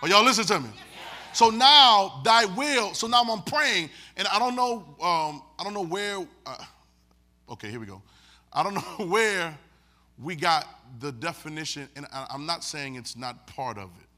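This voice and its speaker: A man preaching a sermon with folksy, laughing asides, leading call-and-response and swinging from quiet talk to shouts. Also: sits high, lively intonation, normal speed. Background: congregation responding.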